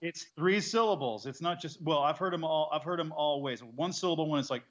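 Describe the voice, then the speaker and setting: Animated man chatting on a muffled line. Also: on the high side, a little fast. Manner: animated, laughing, trying out accents. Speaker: guest voice actor. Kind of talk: casual interview chat.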